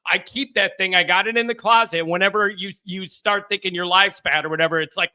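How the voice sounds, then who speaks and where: A man hosting a live fan call-in stream, rowdy and jokey, reading chat comments and riffing loudly. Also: high voice, fairly quick, smooth. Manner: rowdy and excitable, jokey, shouts bits for effect. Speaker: host of a fan call-in show.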